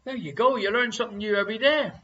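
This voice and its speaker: An Irish man runs a live-streamed quiz in a high, bright voice and ribs his viewers between answers. The stream audio is dull and lo-fi, with little clarity up top. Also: very fast. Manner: jokey, teasing banter with viewers. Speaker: quiz show host.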